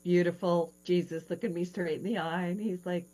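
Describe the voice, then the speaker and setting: A woman hosting a radio talk show, telling stories in an animated way with frequent fillers and hesitations. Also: lowish voice, a little fast, hardly any pauses, rough recording. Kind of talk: casual radio interview chat.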